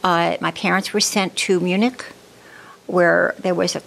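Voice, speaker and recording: As an interview guest, a woman in her seventies unhurriedly narrates her life, from her birth in Germany to her upbringing in the Bronx, New York. She speaks with a fairly low, steady, fairly bright voice marked by vocal fry.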